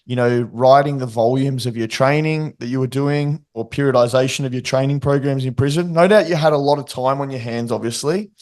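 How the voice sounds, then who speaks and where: A man hosting a podcast, asking long, detailed interview questions. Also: mid-range voice. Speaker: podcast host.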